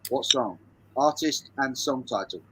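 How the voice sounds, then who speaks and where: A man's voice: mid-range voice, a little slow, bright, forceful tone, slightly rough, rough recording. English male streamer hosting a lyric quiz; casual, bantering, reads chat aloud, repeats himself. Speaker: livestream quiz host.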